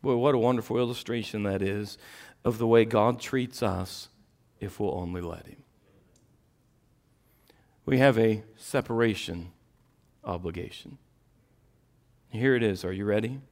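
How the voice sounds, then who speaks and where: A middle-aged man preaching a sermon, swinging between quiet, intimate asides and loud, impassioned peaks. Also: on the low side, measured pace, pauses often.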